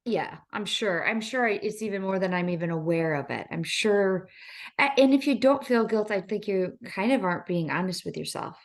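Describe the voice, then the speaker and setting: A woman's voice: mid-range voice, expressive, moderate pace. A woman co-hosting a casual chat, playful and reassuring, asking lots of questions. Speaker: podcast co-host.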